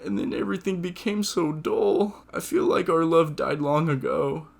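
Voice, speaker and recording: A man voicing a grieving middle-aged woman in a soft, slow falsetto while telling a story. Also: gravelly. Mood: sad confessing.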